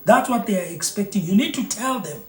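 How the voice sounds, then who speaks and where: A South African vlogger reacts to the news with emphatic, opinionated commentary, repeating phrases for emphasis. His voice sits high and is a little mellow, animated and fairly quick, with a roomy echo.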